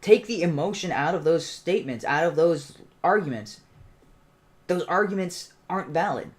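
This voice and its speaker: A man's voice: on the high side, expressive, moderate pace. A man hosting a livestream, giving an impassioned, argumentative commentary monologue. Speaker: channel host.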